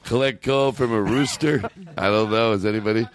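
A man's voice: on the low side, a little fast. A man hosting a comedy podcast, riffing animatedly and laughing often. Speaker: podcast host. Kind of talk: casual comedy chat.

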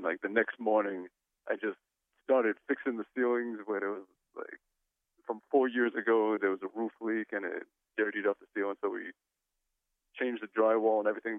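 A man's voice: fairly low pitch, no echo. A man chatting easily as an interview guest, telling a rambling story over the phone. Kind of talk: casual phone chat. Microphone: phone call. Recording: tinny phone line.

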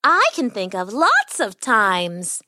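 A woman voicing a tiny, eager male mouse with a squeaky voice that lilts and breaks into song. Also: huge pitch swings, takes it slowly. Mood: pleading. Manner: squeaky, sing-song, sometimes sung.

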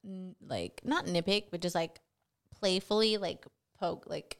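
A young woman co-hosting a casual podcast chat, talking with lots of fillers and often trailing off quietly. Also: fairly low pitch, measured pace. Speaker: podcast co-host.

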